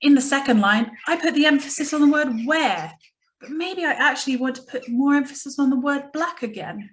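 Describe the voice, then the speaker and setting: Woman, teacher, slightly high voice, encouraging, recorded lesson, slow dramatic poem reading.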